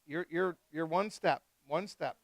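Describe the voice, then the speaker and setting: A man hosting a live wine tasting, chatting casually and excitedly with guests and swearing freely. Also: on the high side, unhurried, no room sound. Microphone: live stream mic.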